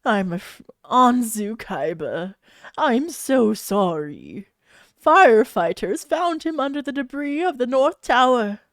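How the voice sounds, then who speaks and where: A woman voicing a solemn man who delivers bad news in a fanfiction reading, speaking slowly and somberly. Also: a little high, animated, no room sound, studio quality. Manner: slow, somber.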